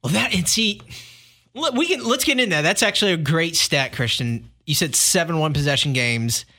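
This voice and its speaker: A man's voice: a little high, animated, brisk, sharp tone. A man co-hosting a sports talk show, chatting casually and teasing his co-hosts playfully.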